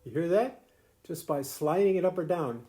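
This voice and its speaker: A man's voice: a little high, animated, moderate pace, over loud music. An older grandfather explaining the fiddle to a grandchild in a folksy, rambling way, full of restarts and chuckles. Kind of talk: casual home video lesson.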